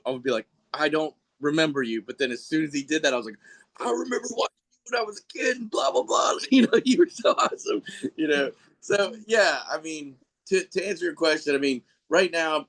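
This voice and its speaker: Man, podcast guest, slightly high voice, rambling casual chat, laughs a lot. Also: a bit bright. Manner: rambling, laughs often, mimics people in quotes.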